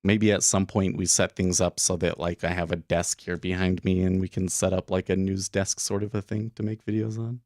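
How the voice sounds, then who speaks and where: A man's voice: low voice, little pitch movement, normal speed, hardly any pauses, a little mellow, dry recording, clean studio sound. A man hosting a day trading livestream, talking casually and rambling with lots of fillers and restarts. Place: home studio room.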